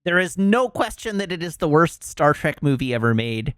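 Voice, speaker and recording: A man's voice: on the high side, very animated, normal speed, fairly bright tone, smooth, dry recording, clean studio sound. A man streaming, chatting casually and rambling with many fillers as he makes emphatic complaints.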